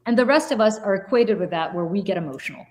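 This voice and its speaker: A woman's voice: medium pitch, expressive, fast talker, a little mellow. A woman co-hosting a political podcast, telling stories in a blunt, profane, fiery way. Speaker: podcast co-host. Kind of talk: heated political podcast talk.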